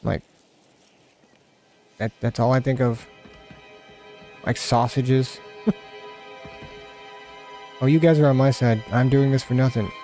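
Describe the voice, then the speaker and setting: A man's voice: medium pitch, fairly even intonation, takes it slowly, pauses often, warm tone, soft background music. A man giving casual let's play commentary, rambling and joking at his own expense. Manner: joking, rambling, self-mocking.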